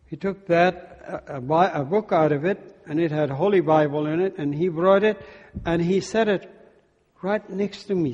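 A man giving a testimony as a sermon, telling his story and acting out the dialogue with lively energy. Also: high-pitched, highs cut off. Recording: long hall reverb.

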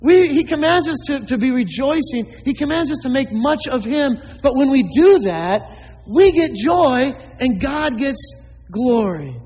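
A man's voice: extremely high pitch, expressive, unhurried, darkish tone, breathy edge, big-room sound, rough recording. A man preaching a sermon as a pastor, emphatic, with many rhetorical questions to the congregation.

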